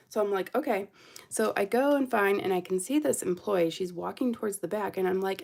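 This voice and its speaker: A woman's voice: mid-range voice, a little fast, creaky. A young adult woman vlogger telling a story casually while she crafts, acting out what people said. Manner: animated, acts out quoted voices.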